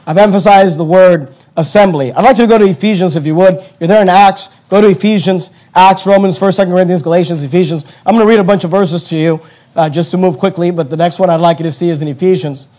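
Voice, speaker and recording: A man preaching a sermon as pastor, fervent, with quick asides to the congregation. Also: high-pitched, darkish tone.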